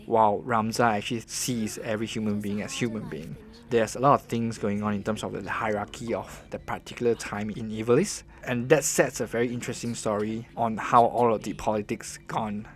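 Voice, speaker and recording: A man voicing a game review as host, earnest and conversational, often restarting his sentences. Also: lowish voice.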